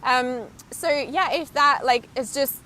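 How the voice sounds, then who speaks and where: High-voiced, animated woman on a live stream. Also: slow pace, a little hiss or hum. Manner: animated and chatty, frequent "right?" and laughs; emphatic, swears casually. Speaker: intuitive healer and mentor. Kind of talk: live stream talk to viewers. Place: outdoors, windy beach.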